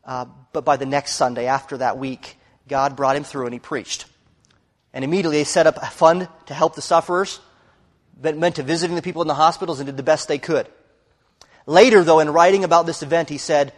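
A man delivers a sermon in an earnest storytelling manner, often swelling to loud, forceful emphasis. His voice sits a little high for a man. The sound carries a long reverb, as if recorded in a large hall. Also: fairly even intonation, a little fast. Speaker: preacher.

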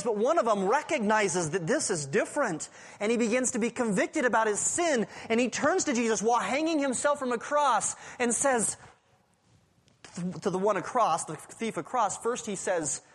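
A male pastor preaching a sermon, swinging between loud urgent passages and hushed, near-whispered lines. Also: very high-pitched. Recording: preaching in a large reverberant hall.

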